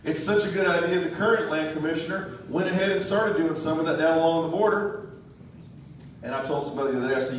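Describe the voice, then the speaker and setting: A man's voice: fairly high pitch, fast, a little hiss or hum. Folksy man giving a stump speech. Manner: folksy, joking, rousing. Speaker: political candidate. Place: large church hall. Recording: echoey hall, distant mic.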